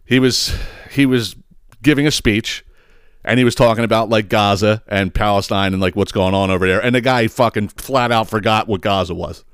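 A man's voice: lowish voice, moderate pace, clear, resonant tone, no echo, studio quality. A man hosting a podcast, ranting about politics with heavy swearing and repeated words. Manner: emphatic, swearing, repeats himself. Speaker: podcast host. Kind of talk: profane political rant.

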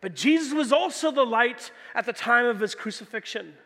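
A man's voice: very high voice, expressive, normal speed, sharp tone, in a large hall. A man preaching a sermon as pastor, telling stories animatedly with casual fillers like "like" and "you know.". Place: church hall.

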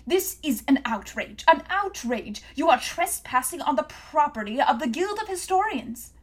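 A woman reading an audiobook, voicing a pompous older male historian who shouts in indignation. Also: high-pitched, big pitch swings, normal speed, pitched above the performer's own voice. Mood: outraged.

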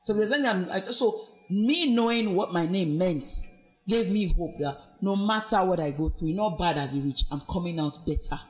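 Speaking at a moderate pace with soft music behind her, a Nigerian-accented woman gives personal testimony in a podcast interview. She's an abuse survivor whose low-leaning voice tells her story earnestly and reflectively, threading in references to faith.

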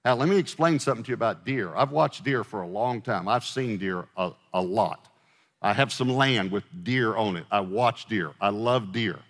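A man's voice: lowish voice, moderate pace, fairly bright tone. A middle-aged man preaching a sermon as pastor, in a casual conversational way, asking the congregation questions and joking with them. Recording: long hall reverb.

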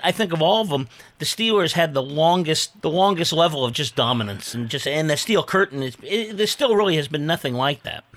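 A man's voice: a little high, fairly bright tone. A man hosting a sports interview, enthusiastic and full of praise in his questions. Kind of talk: conversational interview.

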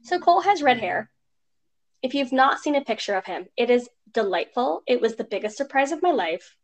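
Young female podcast co-host, higher voice, animated storyteller who acts out the voices of others. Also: fairly quick. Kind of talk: casual chat.

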